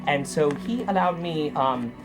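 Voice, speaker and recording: Sick with a cold, a man fills in as host and game master for a live tabletop stream, rambling and making jokes at his own expense. His voice is on the high side with lively intonation, a little slow, with loud music behind it.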